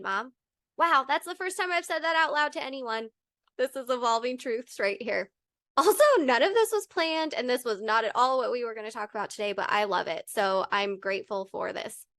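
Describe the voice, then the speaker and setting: A young woman with a bright, high voice co-hosts a podcast, speaking candidly about personal struggles. She tells her story openly, with animated asides. The sound is close and dry. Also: normal speed, no echo. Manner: open, animated storytelling with laughs. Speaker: podcast co-host.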